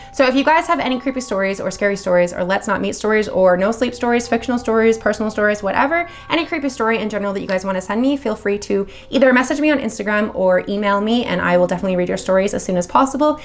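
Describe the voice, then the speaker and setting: A woman hosting a video channel, reading horror stories aloud and then chatting casually with viewers, swearing freely and gushing. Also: mid-range voice.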